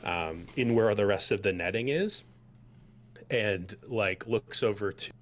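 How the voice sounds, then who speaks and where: A man's voice: lowish voice, a little slow, a little hiss or hum. A man narrating a tabletop game as game master, rambling loosely with many fillers.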